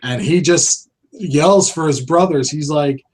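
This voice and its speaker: A man's voice: a little high, slow pace, a little mellow, husky. A man hosting a casual podcast panel, telling family anecdotes through easy laughter. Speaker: host.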